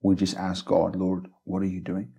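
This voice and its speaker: Man, gravelly, husky, earnest storyteller, repeats words, asks "right?". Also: deep voice, monotone, normal speed, mellow. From South Africa. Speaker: missions base leader, guest. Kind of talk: conversational storytelling interview.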